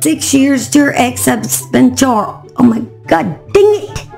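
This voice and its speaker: A woman, hoarse and cracking, chatting to viewers as she tells a true crime story. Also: high-pitched, lively intonation, measured pace, darkish tone, faint music behind. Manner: chatty, talks straight to viewers.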